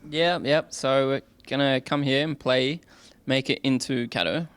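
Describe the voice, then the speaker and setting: A man's voice: medium pitch, fairly even intonation, measured pace, a bit bright, clear, resonant tone, dry recording. A man, a player, explaining plans in a casual, matter-of-fact way.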